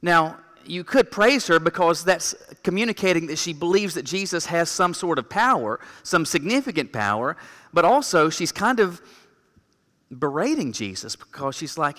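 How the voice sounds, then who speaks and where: A man preaching from the pulpit, his tone bright and a touch higher than most men's. He talks through the passage in a plain, conversational way, tying it to everyday life. His voice rings out with a long church reverb behind it. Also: sing-song, moderate pace. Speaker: pastor. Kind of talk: sermon. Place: church sanctuary.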